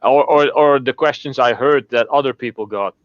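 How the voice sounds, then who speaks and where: A man's voice: mid-range voice, normal speed, dry recording, muffled recording. A man chatting as a guest on a live stream, often restarting and repeating words as he tells a story. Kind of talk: casual chat.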